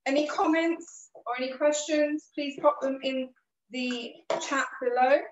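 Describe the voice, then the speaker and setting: A woman with a high voice leads a cooking lesson in a kitchen, giving patient, encouraging instructions. Her throat is a bit rough, with the odd cough. She sounds a step away from the mic, in a roomy space with dull, muffled sound. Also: steady tone, measured pace, far from the mic, background noise. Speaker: cooking class host. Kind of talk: live online cooking lesson.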